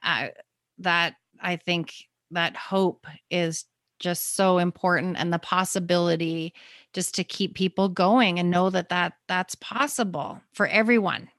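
A woman's voice: lowish voice, fairly even intonation, measured pace, fairly bright tone, no room sound, clean studio sound. A woman hosting a podcast, encouraging her guest with short affirmations. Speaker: podcast host. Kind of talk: casual podcast interview.

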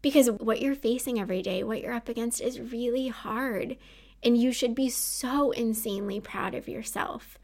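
A woman's voice: fairly high pitch, moderate pace, vocal fry. A woman in her thirties hosting her own podcast, talking earnestly and encouragingly to listeners about self-kindness. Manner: earnest and encouraging, warm laughs. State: tearful at times. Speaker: podcast host and anxiety coach. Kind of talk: heartfelt solo podcast talk.

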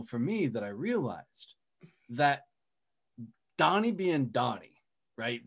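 A middle-aged man in a casual chat, blunt and punchy, swearing freely as he tells stories. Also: medium pitch. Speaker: guest, speaker and business owner.

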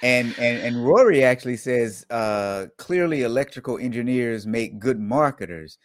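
A man's voice: medium pitch, expressive, normal speed, slight background noise. A man from the southern United States hosting a casual podcast in an upbeat way, reading out viewer comments. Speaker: podcast host. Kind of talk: casual chat.

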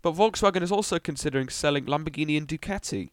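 A man's voice: fairly high pitch, fast talker, clean tone, dry recording. A young man hosting a casual car news podcast, rambling with ums and little asides. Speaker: podcast host.

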